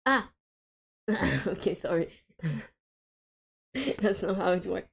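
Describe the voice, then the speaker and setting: A woman's voice: on the low side, slow, creaky, breathy edge. A woman streaming a co-op game with friends, chatting casually and hesitantly with lots of fillers and frequent giggles.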